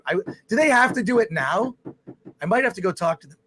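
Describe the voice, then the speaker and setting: A man's voice: high-pitched, lively intonation, brisk, husky. A man hosting a live stream, giving a rambling, exasperated spoken movie review. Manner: rambling, exasperated, with restarts and loud outbursts.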